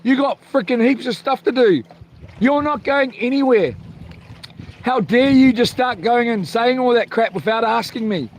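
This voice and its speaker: A man mimicking his nagging wife, scolding him in a shrill ranting voice. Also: normal speed, slight background noise.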